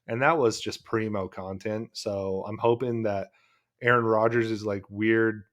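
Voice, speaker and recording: Laid-back lower-voiced man chatting sports. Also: fairly even intonation, a little slow. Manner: laid-back, laughs often, says "dude". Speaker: podcast co-host. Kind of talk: casual sports chat.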